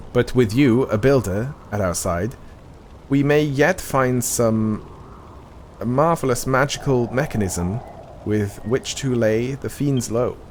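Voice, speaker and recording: A man's voice: mid-range voice, a little hiss or hum, close to an everyday voice. A man reading a stern army commander. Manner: slow, deliberate reading of game dialogue.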